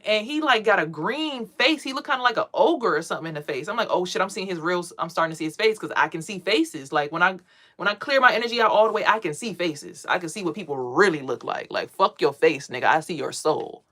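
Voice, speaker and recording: Low-voiced woman rambling about spirituality. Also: expressive, quick pace, a bit bright. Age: adult parent. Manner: rambling, profane, streetwise storytelling. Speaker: spiritual vlogger. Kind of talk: casual spiritual monologue.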